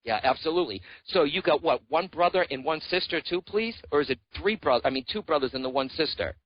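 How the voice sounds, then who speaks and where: A man's voice: a little high, expressive, quick pace, no room sound, dull audio. A man giving a psychic reading on a radio show, talking in an earnest, reassuring way and often calling the caller by name. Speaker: psychic medium guest.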